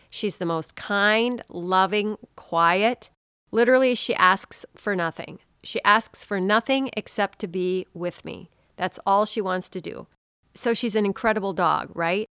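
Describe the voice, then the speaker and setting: A woman hosting a podcast, telling a personal story in an animated, expressive way and dropping to a soft hush now and then. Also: medium pitch, clear, resonant tone, no echo, clean studio sound. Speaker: podcast host. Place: home.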